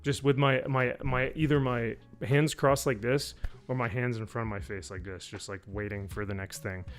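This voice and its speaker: A man talking at a middle pitch, chatting to a live audience about a screening. He rants with sarcasm and filler words, and he breaks into mock voices now and then. Faint music plays behind him. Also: moderate pace. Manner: animated, sarcastic, many fillers, mimics people with high voices. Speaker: YouTube reviewer. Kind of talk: casual live-stream rant.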